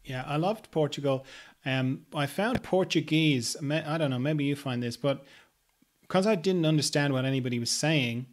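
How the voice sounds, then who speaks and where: A man hosting an interview podcast, talking in a loose, hesitant way with gentle humor. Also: a little high, normal speed. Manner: rambling with many ums and hesitations, gently humorous. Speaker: podcast host. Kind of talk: casual interview chat.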